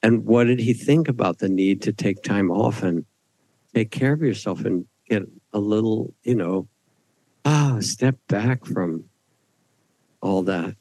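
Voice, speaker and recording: Man, meditation teacher, retreat panel, gravelly, slightly low voice. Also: unhurried, darkish tone, no room sound, low-quality recording. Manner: reflective, storytelling. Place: retreat hall.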